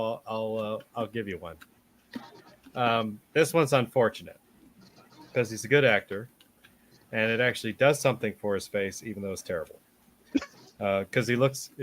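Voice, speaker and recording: A man co-hosting a podcast in relaxed, rambling casual chat full of fillers. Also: medium pitch, a little hiss or hum. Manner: laid-back, rambling with fillers. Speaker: podcast co-host.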